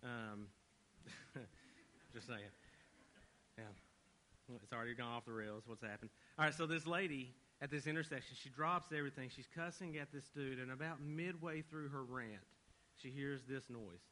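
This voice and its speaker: Male pastor, mid-pitched, relaxed storyteller, light humor, earnest questions, faint hiss behind. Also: a little slow, poor audio. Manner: casual joking storytelling, then earnest rhetorical questions. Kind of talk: sermon.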